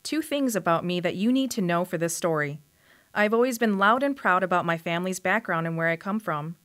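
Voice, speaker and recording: A woman's voice: on the low side, a little fast, a bit bright. A woman in her forties with a Wisconsin accent, reading her own personal essay in a reflective storytelling manner for radio. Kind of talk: scripted personal essay narration.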